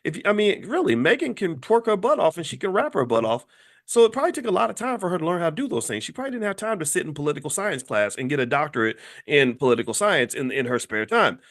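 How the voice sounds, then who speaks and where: Fired-up man, fairly high voice. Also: big pitch swings, quick pace. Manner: impassioned, swings from low grumble to high outbursts. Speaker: host. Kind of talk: opinion commentary monologue.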